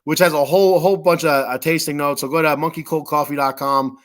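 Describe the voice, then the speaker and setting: A man's voice: a little high, fairly even intonation, fast. A man hosting a sports podcast, reading sponsor ads in a rambling, joking way with lots of fillers. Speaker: podcast host. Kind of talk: casual sponsor reads.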